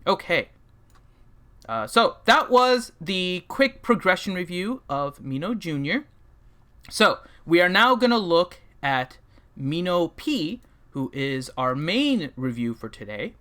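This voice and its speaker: A man hosts a laid-back gaming livestream, with a rather high, bright and forceful voice. He jokes around and rambles, filling gaps with ums and uhs as he talks over a voice call. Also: big pitch swings, slow pace. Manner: joking, rambling, with many fillers. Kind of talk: casual livestream chat and game roster review.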